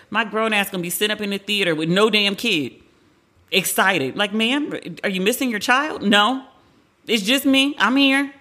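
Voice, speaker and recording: Bright-voiced woman in her 40s, casual host chat, candid, cusses a lot. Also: mid-range voice. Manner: chatty, candid, swears freely, acts out quotes. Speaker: podcast host. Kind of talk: casual pop-culture commentary.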